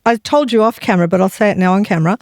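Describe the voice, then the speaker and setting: A woman's voice: mid-range voice, racing, a little mellow, no echo, clean studio sound. A woman co-hosting a podcast, asking interview questions in an upbeat, welcoming way. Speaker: podcast co-host.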